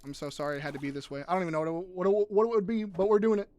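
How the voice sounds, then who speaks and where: A young man chatting casually on a live gaming stream, jokey and swearing, quick to tear up. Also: high-pitched. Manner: animated, swearing, jokey, easily teary.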